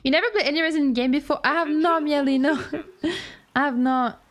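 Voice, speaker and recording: A woman streamer commenting on a horror game, excitable, giggling and shrieking when scared, with game sounds behind. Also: high voice, normal speed. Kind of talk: live gaming commentary. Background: game music and sounds.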